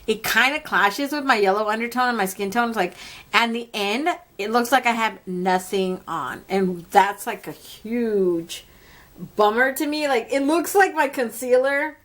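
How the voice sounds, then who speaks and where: A woman's voice: fairly high pitch, unhurried, a bit bright. A young adult woman reviewing makeup in a casual, candid, chatty way, laughing often and swearing now and then. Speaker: beauty vlogger.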